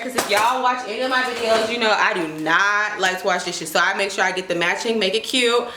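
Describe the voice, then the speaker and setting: In an echoey apartment kitchen with clear background noise, a young woman vlogs a casual grocery haul. She's chatty and slangy, now and then referring to herself in the third person, and her mid-range voice moves briskly with few pauses.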